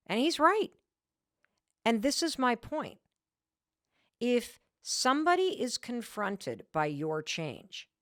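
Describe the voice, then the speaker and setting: A woman's voice: fairly low pitch, fairly bright tone, dry recording, clean studio sound. A middle-aged woman hosting a podcast, telling a candid, self-mocking story in a casual way and acting out the quoted lines. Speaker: podcast host.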